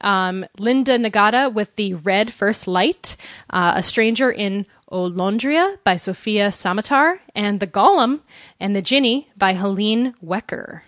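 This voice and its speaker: A woman's voice: medium pitch, lively intonation, measured pace, fairly bright tone, dry recording, clean studio sound. A woman co-hosting a book podcast in a casual, chatty, self-deprecating way over a remote call. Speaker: podcast co-host. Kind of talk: casual chat.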